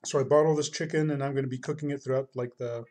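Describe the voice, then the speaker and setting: A man's voice: medium pitch, steady tone, very fast, darkish tone. A man casually chatting on his drawing stream, rambling in a laid-back way and laughing often.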